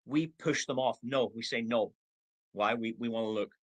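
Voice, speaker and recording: A man's voice: mid-range voice, normal speed, poor audio. A man in his sixties giving a motivational training talk over a video call, acting out replies in quoted voices. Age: 60s. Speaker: network marketing trainer.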